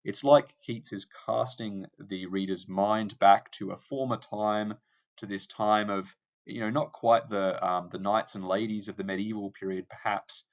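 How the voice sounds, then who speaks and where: A man's voice: fairly low pitch, fairly even intonation, unhurried, lo-fi sound. A male teacher explaining a poem to his class, with frequent ums and uhs. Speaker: English teacher. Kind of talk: lecture on poetry analysis.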